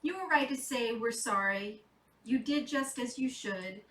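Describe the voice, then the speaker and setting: A woman voicing an old Santa Claus in a storybook reading, speaking slowly and emphatically. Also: on the high side, a bit bright, reverberant, recorded from a distance, slight background noise, rough recording. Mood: kindly. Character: jolly old male Santa Claus, indignant then kindly.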